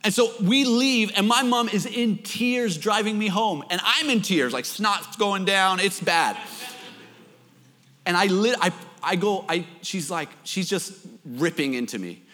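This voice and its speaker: Bright-voiced joking young preacher. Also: male voice, high-pitched, animated, measured pace, big-room sound. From Canada. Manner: joking, storytelling, self-deprecating. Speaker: pastor. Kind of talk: sermon.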